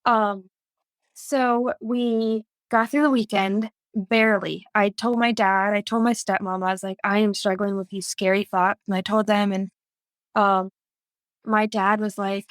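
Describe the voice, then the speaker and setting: A woman speaks as a podcast guest, recounting her experience in an earnest, emotional way with plenty of fillers and restarts. Her voice sits at a middle pitch, recorded close and dry with no room sound. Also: steady tone, moderate pace, no echo. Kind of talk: personal story in an interview.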